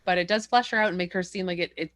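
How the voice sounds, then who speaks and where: A woman's voice: on the low side, very fast, fairly bright tone, no room sound. A woman co-hosting a podcast in casual movie chat, frank and blunt, swearing casually. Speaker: podcast co-host.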